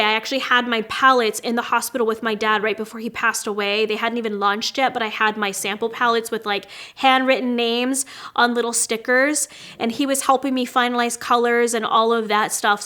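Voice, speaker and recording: A woman in her late thirties talks in a slightly high voice, chatty and heartfelt, giving viewers a casual personal update. She calls her audience "you guys" and speaks openly, like a friend catching up. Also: fairly even intonation, a little fast, sharp tone. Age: 30s. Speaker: beauty vlogger and brand owner.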